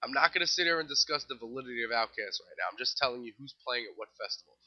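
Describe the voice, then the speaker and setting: A man's voice: medium pitch, animated, rapid-fire. A young man with a New York accent hosting a casual music news show, reading off festival lineups with wry, offhand asides. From New York City. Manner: wry, offhand asides while rattling off lists. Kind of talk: casual solo commentary. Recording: slightly dull lo-fi recording.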